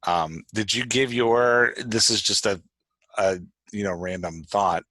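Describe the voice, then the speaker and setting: A man with a very low voice hosts a relaxed interview. He rambles loosely, leaning on fillers, and the sound is dry and close with no room echo. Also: unhurried. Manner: loose and rambling, heavy with fillers like "like" and "you know". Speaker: podcast host. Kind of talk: casual interview chat.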